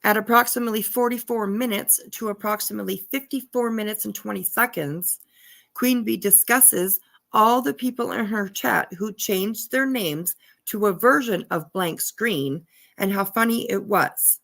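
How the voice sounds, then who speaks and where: A woman's voice: mid-range voice, measured pace, creaky, fairly bright tone. A woman commentator reading court papers aloud in a casual way, breaking off into profane, laughing asides. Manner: profane, laughing asides between read passages. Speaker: online drama commentator.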